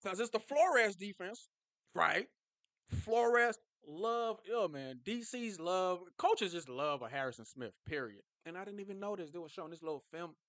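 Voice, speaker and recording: A man talking casually and excitably as a football fan vlogger, jumping from low mutters to high yelps. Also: normal speed, no echo. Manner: animated, excitable, swings from low mumbling to high shouts.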